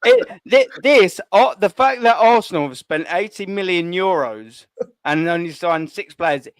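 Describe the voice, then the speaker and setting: A man's voice: sits high, measured pace, smooth, dry recording. Joking, swearing man. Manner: swearing, joking, laughing often. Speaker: live stream host. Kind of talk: casual live chat.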